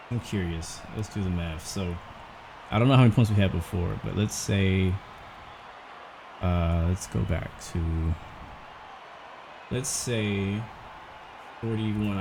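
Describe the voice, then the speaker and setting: A man hosting a gaming channel, talking out loud in casual gameplay commentary, out of breath and rambling as he works things through. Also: fairly low pitch, a little hiss or hum. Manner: chatty, thinking out loud, rambling.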